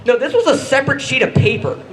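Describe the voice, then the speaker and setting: High, lively young man doing stand-up. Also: a little hiss or hum, rough recording. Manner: halting, self-deprecating, stumbles and restarts. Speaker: stand-up comedian. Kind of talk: stand-up comedy set.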